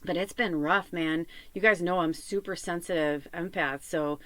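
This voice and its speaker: A woman's voice: fairly low pitch, normal speed, no echo. Rambling, chatty woman podcaster. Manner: rambling, repeats "I'm like", animated retelling. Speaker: podcast host and spiritual medium. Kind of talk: casual rambling chat.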